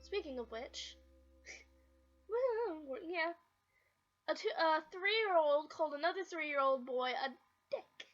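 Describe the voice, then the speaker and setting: A young woman with a very high, bouncy voice chats to her camera, giggling and rambling from one story to the next. The sound is a little dull and lo-fi, with faint music somewhere behind her. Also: expressive, takes it slowly, pauses often, fairly bright tone. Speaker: vlogger. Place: her bedroom. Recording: slightly dull lo-fi home recording.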